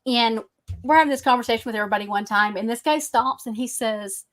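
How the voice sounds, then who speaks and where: A woman with a Texan accent chats on a live stream. Her voice sits slightly high, and she tells her stories with animation, acting out the people in them. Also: quick pace. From Texas. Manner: animated storyteller, acts out quotes. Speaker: podcast host. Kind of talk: casual live-stream chat.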